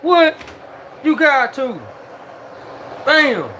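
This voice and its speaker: A hyped home cook filming a cooking vlog, talking excitedly to the chat in slangy exclamations. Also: sits high, extremely slow. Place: home kitchen with the fan running. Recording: noisy, with kitchen fan hum.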